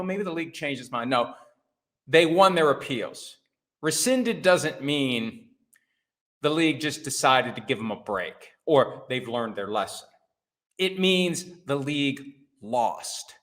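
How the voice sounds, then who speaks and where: A man's voice: a little high, fairly bright tone. A middle-aged man hosting a solo sports talk show, wry and conversational with punchy emphasis and self-deprecating asides. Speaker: host.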